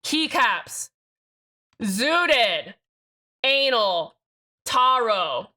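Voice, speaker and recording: A young woman streaming live, talking to her chat in a loud, excitable way that jumps from joke to joke. Her voice sits a little high and has a sharp, forceful edge. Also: extremely slow. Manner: excitable, loud and rambling, jokey.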